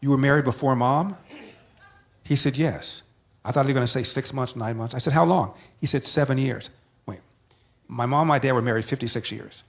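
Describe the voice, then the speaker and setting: An older man tells a personal story at an even, mid pitch. He builds his points through emphatic repetition, in the manner of a talk show guest. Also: brisk, creaky.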